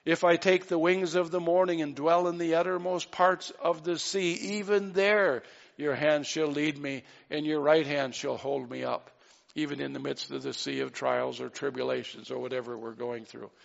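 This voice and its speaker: A man's voice: fairly high pitch, flat delivery, moderate pace, gravelly, muffled recording. A man preaching a sermon in an earnest way, with light asides and acted-out quotes. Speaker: pastor.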